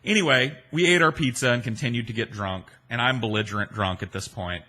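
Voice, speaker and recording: A man's voice: mid-range voice, a little fast, sharp tone. A man in his forties, a podcast host, telling stories and answering listener questions in a rambling, profane, self-deprecating way. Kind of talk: casual storytelling chat.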